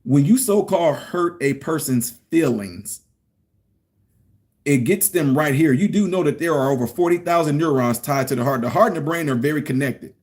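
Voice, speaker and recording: A man's voice: fairly high pitch, normal speed, a little mellow. A middle-aged man giving a casual commentary rant, emphatic and preachy, repeating his points. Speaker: political commentary vlogger.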